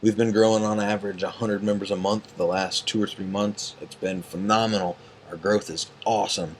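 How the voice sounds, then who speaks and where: A man's voice: lowish voice, steady tone, brisk, slight background noise. A tired man ranting late at night as an online group admin, angry and profane, rambling with many fillers. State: tired and yawning.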